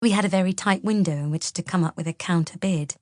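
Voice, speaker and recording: A woman voicing a composed older mother-in-law who explains herself in a measured, earnest way. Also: on the low side, a little mellow, dry recording, clean studio sound, natural voice.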